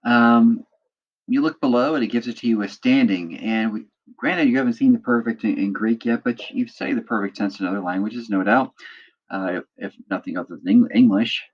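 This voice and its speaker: A man's voice: mid-range voice, fairly quick, highs cut off. A man teaching a lecture, explaining step by step and checking in with students by asking "right?" again and again. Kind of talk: recorded lecture walking through a text.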